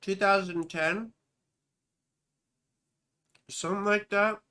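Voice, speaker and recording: A woman's voice: medium pitch, fairly even intonation, slow pace, bright, forceful tone. A woman astrologer giving a live chart reading. She talks in a rambling way, drifts into asides, and calls the viewer sweetheart and baby.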